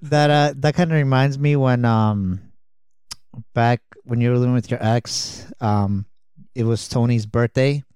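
Brief: laid-back man, mid pitch, smooth clear tone, rambling storyteller, dry sound. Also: unhurried, darkish tone, no room sound. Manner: rambling with many fillers, laughs at his own story. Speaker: friend telling stories. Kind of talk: casual chat.

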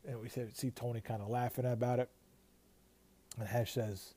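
Mellow-voiced man hosting a podcast. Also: medium pitch, flat delivery, moderate pace, pauses often. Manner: loose and profane, with many restarts. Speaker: podcast host. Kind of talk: casual commentary.

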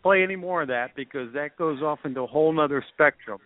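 A man's voice: on the high side, fast talker, dry recording. A man hosting a casual call-in show, talking in a rambling, chatty way with many fillers. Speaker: podcast host. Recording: dry tinny phone line.

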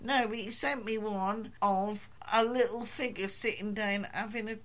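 An older woman, hosting a podcast as casual chat, telling stories with a dry, deadpan humour. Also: mid-range voice, normal speed. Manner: dry, deadpan storytelling with comic asides. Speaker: podcast host.

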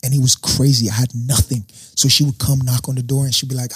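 A man's voice: mid-range voice, fast talker, breathy edge, no room sound. A young man, a guest, telling a personal story in casual talk and acting out what people said. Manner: animated storyteller acting out quotes.

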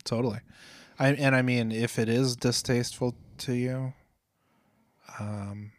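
A man's voice: medium pitch, fairly even intonation, unhurried, no echo. A man co-hosting a podcast in casual chat, jokey and rambling, swearing now and then. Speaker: podcast co-host.

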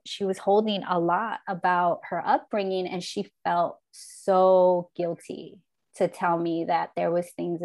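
A woman in her forties talking in an earnest, reflective way, casual and candid, with the odd swear word, as a podcast host. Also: fairly low pitch. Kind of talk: candid heartfelt conversation.

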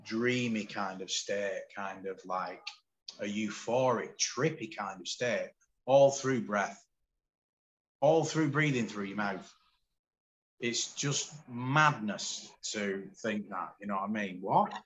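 A man in his forties from the UK, a podcast guest telling his story in candid, animated casual conversation. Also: fairly low pitch, slow pace, poor audio. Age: 40s.

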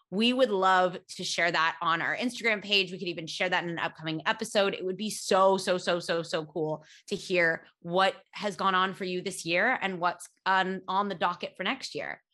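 Bright-voiced chatty American woman. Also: medium pitch. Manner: chatty, self-mocking storyteller. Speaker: podcast co-host. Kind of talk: casual podcast chat.

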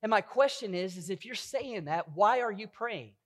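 A man's voice: high-pitched, expressive, moderate pace, a bit bright. A middle-aged man preaching a sermon as pastor, earnest and full of rhetorical questions.

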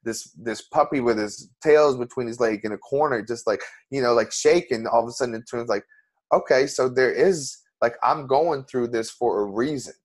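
A man's voice: mid-range voice, normal speed. A man, an interview guest, telling a personal story in an earnest, emotional way with many restarts.

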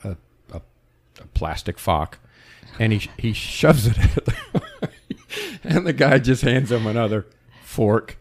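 A man co-hosting a podcast in casual chat, telling animated stories and imitating other people's voices. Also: medium pitch, takes it slowly, pauses often, a little hiss or hum. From New England. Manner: animated storyteller, imitates voices, laughs often. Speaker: podcast co-host.

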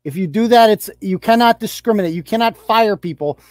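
A man on his podcast, ranting hard with profanity and sarcasm. His voice sits a little higher than most men's, and the sound is dry and close with no room around it. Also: a little fast, dry recording. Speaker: podcast host. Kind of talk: ranting political commentary.

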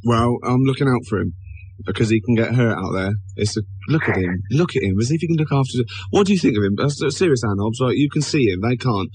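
A man co-hosting a comic radio show, teasing and sarcastic in quick banter. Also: medium pitch, animated, a little mellow, breathy edge, rough recording. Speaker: radio co-host.

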